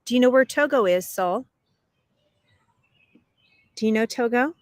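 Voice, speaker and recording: A woman's voice: fairly high pitch, a little slow, no echo, studio quality. A middle-aged woman hosting a live English lesson stream, chatty and reading viewer comments aloud, laughing often. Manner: laughs often between remarks. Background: dogs barking.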